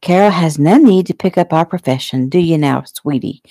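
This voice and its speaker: A woman reading the part of a gentle, forgetful Irish woman friend in a storybook. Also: low voice, steady tone, brisk, dry recording.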